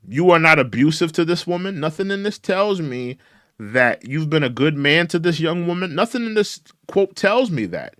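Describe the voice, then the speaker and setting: Young black guy ranting on his stream, kinda high voice, swings all over. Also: fairly bright tone, no echo, clean studio sound. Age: young adult. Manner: reads documents aloud and riffs on them. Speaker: commentary channel host. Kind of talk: casual livestream commentary.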